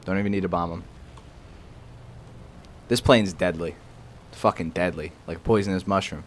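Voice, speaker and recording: A young man casually commentating his own tank gameplay, excitable and profane, often jumping into loud outbursts. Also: sits low, moderate pace. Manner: excitable, profane, bursts into shouts. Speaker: gaming channel host. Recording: faint game noise behind. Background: game artillery and battle noise.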